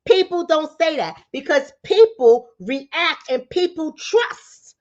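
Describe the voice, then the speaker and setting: A woman with a New York accent from the Bronx, talking fast and preaching to her viewers with rhetorical questions. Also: high voice, expressive, dull audio. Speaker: relationship coach and commentator. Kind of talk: direct-to-camera commentary.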